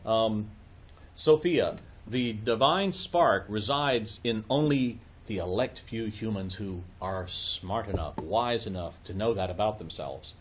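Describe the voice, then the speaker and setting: A man's voice: on the low side, animated, slow pace, a little hiss or hum. Man giving a chatty Bible lecture. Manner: checks in often with "okay?"; loose, with frequent fillers and dry asides. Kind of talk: conversational church lecture.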